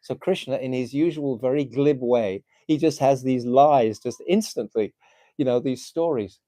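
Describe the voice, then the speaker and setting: A man giving a devotional talk, telling a sacred story in a lively way with ums, restarts and quoted lines. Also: mid-range voice, moderate pace, no room sound. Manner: animated storyteller with frequent fillers and restarts. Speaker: spiritual teacher.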